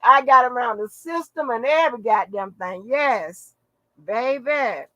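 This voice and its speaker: A middle-aged woman vlogger holds forth to her audience in loose, profane chat that is full of laughter. Her voice is bright and pitched a little high. The sound is close and dry, with no room echo. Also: expressive, measured pace. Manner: brash, profane and laughing, calls listeners baby and honey. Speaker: channel host. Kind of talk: casual chat to viewers.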